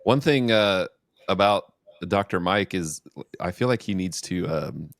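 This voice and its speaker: Easygoing young male host, lowish dry voice, jokey and loose. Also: lively intonation, unhurried, vocal fry, no echo. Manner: laid-back, joking, rambling. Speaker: podcast host. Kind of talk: casual podcast chat.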